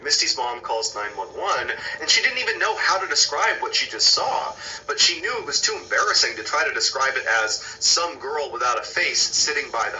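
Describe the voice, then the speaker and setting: A man telling a scary true story in a scripted, hushed and dramatic narration. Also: fairly high pitch, distant mic, lo-fi sound.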